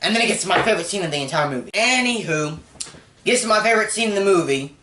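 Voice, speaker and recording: A man's voice: high voice, expressive, quick pace, noisy background. A man casually retelling a film scene by scene, rambling with many fillers. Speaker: movie reviewer. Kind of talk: casual spoken movie recap. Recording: echoey room.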